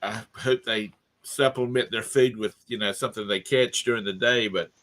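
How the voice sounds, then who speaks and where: Man, lowish voice, laid-back, hesitant, faint background noise. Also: fairly even intonation, normal speed, a bit bright. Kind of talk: casual chat.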